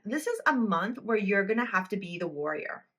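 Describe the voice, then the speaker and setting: Addressing the viewer directly, a tarot reader does a pick-a-card reading, blunt and emphatic and quick to swear. She has a medium pitch and a fairly bright tone, with a sing-song delivery at a moderate pace.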